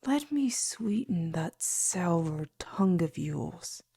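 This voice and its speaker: A woman reading an audiobook, voicing a cruel young male faerie bully in a slow, whispery, menacing way. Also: mid-range voice, warm tone.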